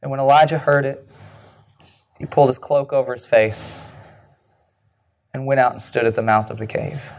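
A man preaching a sermon in an earnest way, slowing down and dropping his voice low and soft on key lines. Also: fairly even intonation, creaky.

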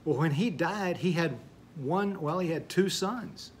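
A man's voice: a little high, expressive, measured pace, a little hiss or hum. A man preaching a sermon in a folksy, conversational way, with asides and stories. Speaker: pastor.

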